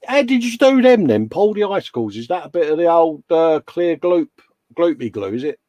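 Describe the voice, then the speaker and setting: His pitch is fairly high and swings widely, delivered at normal speed with a dark tone. This man co-hosts a casual livestream chat, chatting, bantering, yawning, and addressing everyone as mate. There's no room sound and the audio is dull.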